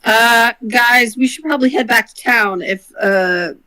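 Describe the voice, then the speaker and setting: A woman's voice: fairly high pitch, a little slow, sharp tone. A woman playing in a tabletop game, talking casually and bluntly. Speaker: player.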